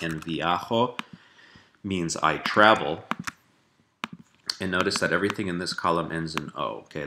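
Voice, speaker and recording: A man giving a relaxed spoken language lesson, explaining step by step with fillers and rephrasing. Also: low voice, noisy background. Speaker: language teacher.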